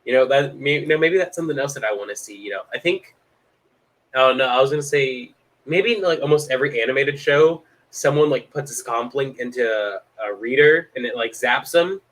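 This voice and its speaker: Man, podcast co-host, casual chat, rambling, lots of fillers, excitable. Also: mid-range voice, brisk, rough recording.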